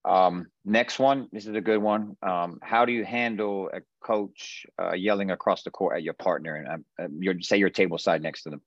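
Deep voiced guy host on a video call, um-ing through questions, dry muffled audio. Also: steady tone, moderate pace, few pauses, no echo. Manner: hesitant, many fillers and restarts. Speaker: interview host. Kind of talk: reading listener questions.

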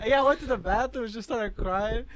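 A man's voice: very high-pitched, moderate pace, crowd noise. A young man co-hosting a podcast in casual chat, slangy, telling stories with lots of "like". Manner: slangy storyteller, says "like" often. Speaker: podcast co-host.

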